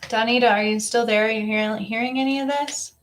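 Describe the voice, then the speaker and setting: A woman's voice: on the high side, steady tone, a little fast, a little hiss or hum. A woman giving a live psychic reading to a viewer, talking in a coaxing, repetitive way and circling back over the same phrases. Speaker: psychic reader.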